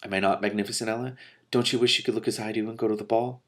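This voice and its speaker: A man's voice: on the low side, fairly even intonation, racing, a bit bright, lightly acted. A man reading the lines of a vain, bossy young stepsister in a storybook, demanding and preening. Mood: haughty.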